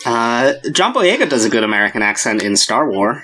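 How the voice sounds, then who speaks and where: A podcast co-host in a casual film chat, talking in an animated, joking way with quick asides. The voice sits in a middle pitch range. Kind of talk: casual chat about films.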